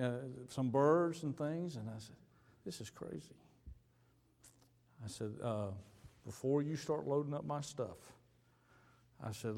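A male pastor telling a story in a sermon, acting out both sides of a conversation with sudden leaps in pitch. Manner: animated storyteller, acting out dialogue with big pitch jumps. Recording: hall reverb.

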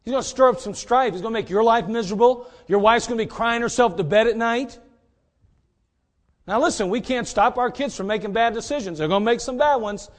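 A man preaching a sermon in a folksy, direct way, swinging between loud emphasis and quiet asides. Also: extremely high pitch, a little fast.

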